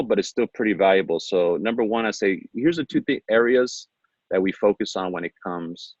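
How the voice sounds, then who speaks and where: A man with a deep voice leads a sales training, coaching his listeners and asking them rhetorical questions. He acts out sample pitches in a casual, friendly way. The recording is dry and a bit dull. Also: no echo. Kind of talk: training presentation.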